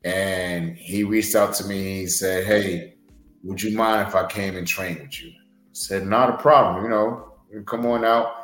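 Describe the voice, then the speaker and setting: Earnest low-voiced wrestler, echoey room. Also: male voice, fairly even intonation, unhurried, a bit bright, soft background music. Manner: earnest, rambling with many fillers. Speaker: pro wrestler guest. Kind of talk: podcast interview storytelling.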